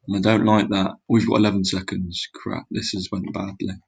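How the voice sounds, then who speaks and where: A man's voice: sits low, little pitch movement, brisk, vocal fry, husky, rough recording. A young man muttering his way through a geography guessing game, exclaiming and mocking his own mistakes. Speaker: gaming video creator. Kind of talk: casual gameplay commentary.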